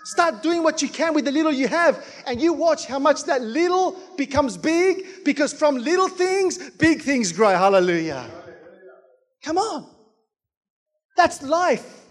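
A male pastor delivers a sermon in a fervent, rhythmic style, repeating key phrases and calling out to his congregation. His voice sits high for a man. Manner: fervent, rhythmic preaching with repeated calls to the church.

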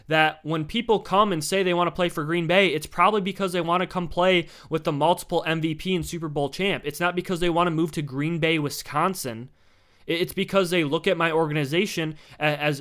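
Bright, crisp-voiced young man ranting on sports. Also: on the high side. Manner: animated, blunt, swears, acts out quotes. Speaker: sports commentator. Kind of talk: casual sports opinion talk.

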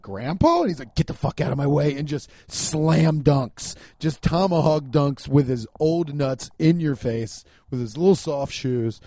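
With a fairly high pitch and a clean, echo-free sound, a Midwestern man from Cincinnati meanders through casual stand-up-style talk. He curses, laughs a lot and keeps the energy animated.

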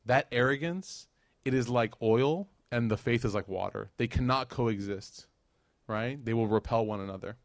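A young adult man giving a religious lecture, telling a story with lively acted-out quotes and jokes to the audience. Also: medium pitch, normal speed, dry recording, studio quality.

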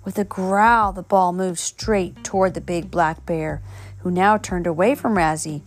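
A woman's voice: lowish voice, fairly even intonation, a little slow. A woman reading a children's storybook aloud at home, an unpolished reading with slips and self-corrections. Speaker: reader.

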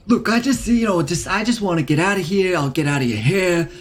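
A man's voice: sits high, expressive, a little fast. A man voicing a brash, streetwise male imp with a Queens accent, rambling and full of fillers. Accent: New York Queens.

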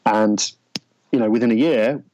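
A man, an interview guest, telling a personal story in a reflective, halting way with frequent restarts. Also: fairly low pitch, warm tone, dull audio, faint music behind. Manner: halting, searching for words, many restarts.

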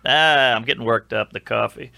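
A man on a podcast as a guest comedian, talking in an animated, jokey way and acting out the voices of people he quotes. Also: mid-range voice, normal speed, gravelly, no echo, studio quality. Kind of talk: casual podcast chat.

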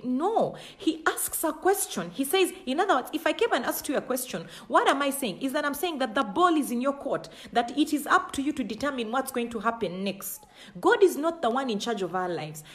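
A woman preaching with emphatic, repeated phrases. Her voice sits a little high for a woman. She acts out God's questions in a dramatic voice. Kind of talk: sermon.

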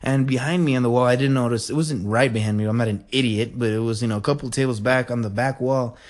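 A man telling a story in a casual, rambling and excitable way, full of fillers. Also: medium pitch, fast talker.

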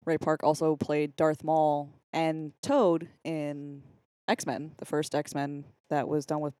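A woman's voice: low-pitched, flat delivery, slow pace, dark tone, dry recording, clean studio sound. A woman in her thirties, co-hosting a casual podcast chat with jokey, swearing banter. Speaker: podcast co-host.

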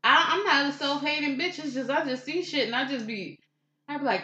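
A woman's voice: sits high, brisk, bright, forceful tone, a little hiss or hum. Fiery, foul-mouthed woman co-host mid-rant; roomy, muffled lo-fi audio. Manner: profane, fiery, confrontational. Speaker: podcast co-host. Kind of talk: heated rant on a podcast. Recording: roomy, dull lo-fi room sound.

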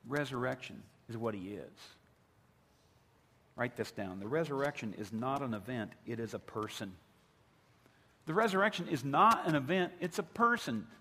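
A man's voice: mid-range voice, lively intonation, moderate pace, long pauses, pushed and bright. A male pastor preaching a sermon, building with emphatic repetition. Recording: long hall reverb.

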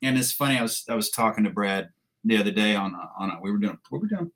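A man's voice: on the low side, expressive, fast, fairly bright tone, a little hiss or hum, low-quality recording. Crude, laughing veteran storyteller man. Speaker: guest, military veteran. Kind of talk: casual storytelling.

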